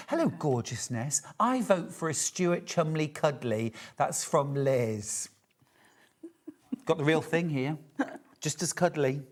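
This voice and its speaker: Man, fifties, shopping channel host, jokey, teasing, lively swinging intonation. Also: a little high. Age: 50s. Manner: jokey, teasing, upbeat selling. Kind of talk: live TV shopping chat.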